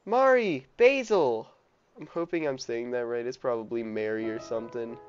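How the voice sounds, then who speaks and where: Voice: mid-range voice, fairly quick, a little mellow, dull audio, soft background music. A gamer musing aloud in casual gameplay commentary. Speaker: let's play gamer.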